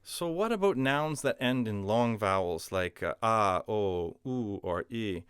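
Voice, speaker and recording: Low, smooth-voiced man teaching a lesson. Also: lively intonation, a little slow, a bit bright, dry recording, clean studio sound. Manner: patient, explains step by step with frequent fillers. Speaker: language teacher. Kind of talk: explanatory lesson narration.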